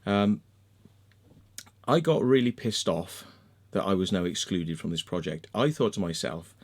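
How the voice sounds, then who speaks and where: Low-pitched and lively yet a little slow, this man records a screen-share vlog, first muttering as he hunts around his screen. Then the vlogger and crop circle maker rants angrily, repeating himself and swearing nonstop.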